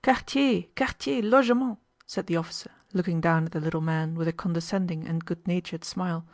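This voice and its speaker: A woman reading a novel aloud as an audiobook narrator, steady and measured. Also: low-pitched, no room sound, clean studio sound.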